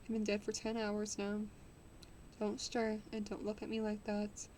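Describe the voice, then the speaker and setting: A woman reading the lines of a desperate young gentleman aloud from a novel, urgent and pleading, with small slips. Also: a little high, level tone, moderate pace, slight background noise, close to an everyday voice. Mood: urgent hushed.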